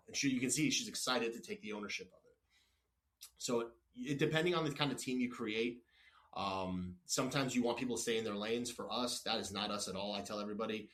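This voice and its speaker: A man's voice: mid-range voice, fairly quick, fairly bright tone. A man guest on a podcast, telling workplace stories in a blunt, no-nonsense way, acting out back-and-forth exchanges, with frequent restarts. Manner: frequent restarts and apologies, wanders off topic. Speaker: company executive guest. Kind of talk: casual podcast interview.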